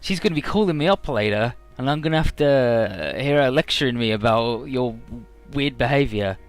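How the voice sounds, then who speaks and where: A man's voice: mid-range voice, lively intonation, moderate pace, faint music behind, close to an everyday voice. A man putting on the voice of an exasperated young woman guardian in a mocking dub of game scenes.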